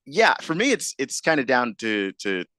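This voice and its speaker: A man's voice: medium pitch, sing-song, moderate pace, bright, forceful tone, no room sound. A man co-hosting a sports radio show, giving basketball picks in casual talk and restarting his sentences often. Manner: thoughtful basketball analysis with frequent restarts.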